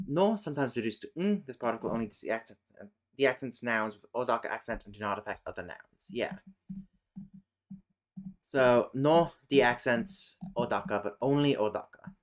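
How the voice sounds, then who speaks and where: A man casually reading a linguistics text aloud on a stream, breaking off into exasperated, swearing rants. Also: medium pitch. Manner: swears, self-correcting. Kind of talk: casual live stream chat.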